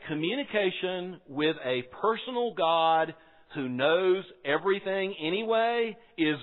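A man preaching a sermon, emphatic, repeating key lines and asking rhetorical questions. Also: sits high. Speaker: pastor. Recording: phone-like sound with long hall reverb.

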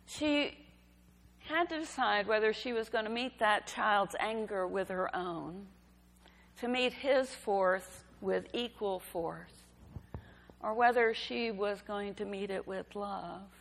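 A woman giving a sermon, telling a story in a gentle, unhurried way. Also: mid-range voice, gravelly. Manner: slow, gentle storytelling delivery. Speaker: preacher. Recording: reverberant hall.

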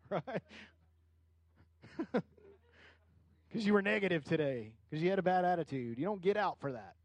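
Middle-aged male pastor, high-pitched, conversational sermon with animated peaks, dry recording. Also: measured pace, long pauses, no room sound, dull audio. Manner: conversational preaching with rising animated bursts.

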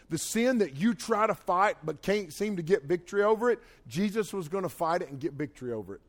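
A middle-aged man, preaching a folksy youth sermon. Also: fairly high pitch. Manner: folksy storytelling, rises and drops in loudness. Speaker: youth pastor.

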